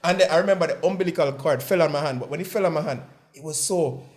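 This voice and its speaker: A young man telling a personal story as an interview guest, lively and laughing often as he acts out the voices. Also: fairly high pitch, fast.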